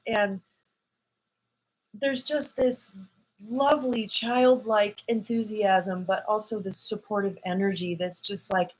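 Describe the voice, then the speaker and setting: A woman's voice: medium pitch, fairly even intonation, measured pace, rough recording. A woman vlogger telling an emotional personal story to camera, acting out the voices of people she quotes.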